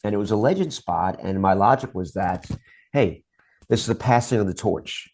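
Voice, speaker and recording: Middle-aged man, interview guest, very low voice, husky and gravelly, rambling anecdotes. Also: moderate pace, darkish tone. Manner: long anecdotes, acts out quoted voices. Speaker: interview guest, TV promo producer. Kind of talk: casual interview storytelling.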